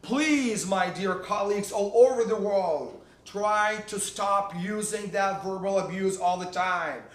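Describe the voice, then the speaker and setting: A man's voice: high voice, unhurried, roomy sound. A man, a teacher, giving motivational classroom tips to other teachers, emphatic and repeating key words for stress.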